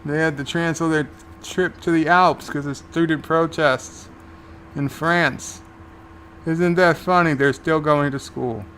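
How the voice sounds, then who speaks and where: A man's voice: on the high side, steady tone, measured pace, fairly bright tone, slight background noise. A man hosting a live watch-along, casually recapping scenes and paraphrasing the characters' lines. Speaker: show host and reviewer.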